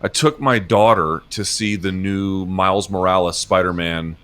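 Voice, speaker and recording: A man in his forties, an interview guest, talking casually on a video call in a rambling, halting way, swearing often. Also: sits low, a bit bright. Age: 40s. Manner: rambling, halting, emotional and profane. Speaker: interview guest, MMA journalist.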